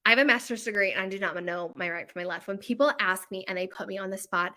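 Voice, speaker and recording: A woman's voice: mid-range voice, fast, sharp tone. A woman who runs a bakery, talking to her followers in a chatty, self-mocking and flustered way. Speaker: bakery owner. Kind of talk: casual promo chat to followers.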